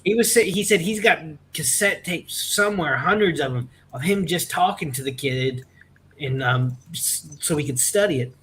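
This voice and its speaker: Bright-voiced man with faint Southern accent. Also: on the high side, animated, normal speed, slightly rough, rough recording. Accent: Southern American, mostly trained out. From Florida. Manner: rambling, restarts sentences often. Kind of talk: casual group chat.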